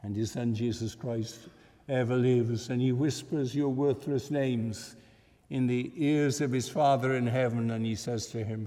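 A man preaching a sermon with earnest feeling, swelling to fervent emphasis and dropping soft. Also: mid-range voice, fairly even intonation, measured pace, long reverb tail.

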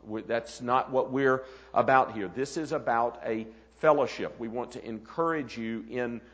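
A man's voice: mid-range voice, a little slow. Man giving a conference address in a hall. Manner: earnest, with frequent fillers and restarts. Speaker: conference leader. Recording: long hall reverb.

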